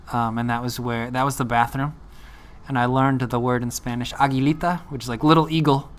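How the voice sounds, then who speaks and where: A laid-back man spinning a story in loose vlog fashion, his voice at an ordinary middle pitch. He rambles along, leaning on filler words. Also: fairly bright tone, smooth. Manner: rambling, laid-back, full of "like" and "you know". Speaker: uncle telling his own story.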